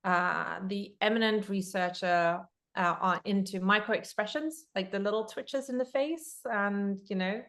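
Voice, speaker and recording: A woman's voice: medium pitch, unhurried, a bit bright. Woman, from Germany, interview guest, chatty, digressive, laughs mid-story. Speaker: guest poker author.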